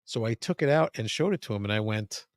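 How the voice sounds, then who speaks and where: A man's voice: fairly low pitch, animated, fast talker, no room sound, studio quality. A man, a podcast guest, telling a long story in casual chat, profane and full of restarts. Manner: rambling, profane, frequent restarts.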